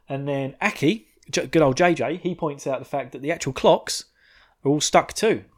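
A man in his thirties co-hosting a podcast, casually recapping an anime episode in a rambling way, chuckling often and swearing freely. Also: medium pitch. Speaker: podcast co-host.

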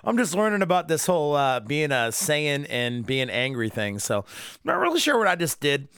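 A man's voice: fairly high pitch, big pitch swings, moderate pace, a bit bright, clear, resonant tone, no echo, studio quality. A man voicing a cocky, confused young male fighter who talks in a flippant, shrugging way.

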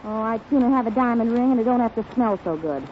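A woman's voice: on the high side, expressive, quick pace, natural voice. A woman playing a scheming young wife who keeps bossing her husband, in a 1930s radio comedy sketch. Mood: wisecracking. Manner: wisecracking, bossy. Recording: tinny, hissy 1930s radio broadcast.

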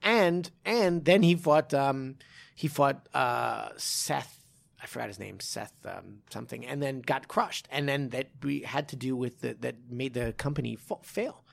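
A man's voice: medium pitch, measured pace, creaky. A man co-hosting a casual podcast as a martial arts coach, rambling with lots of restarts and laughing easily. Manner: rambling, many restarts and fillers, laughs often.

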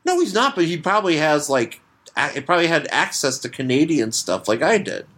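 A man's voice: on the high side, sing-song, fairly quick, a bit bright. A man from Buffalo co-hosting a comics podcast, chatting casually and rambling with many restarts and laughs. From Buffalo, New York. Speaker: podcast co-host. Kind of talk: casual chat.

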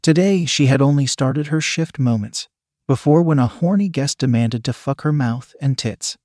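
Male narrator, adult story, middle pitch, dry close sound. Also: normal speed, a little mellow, dry recording.

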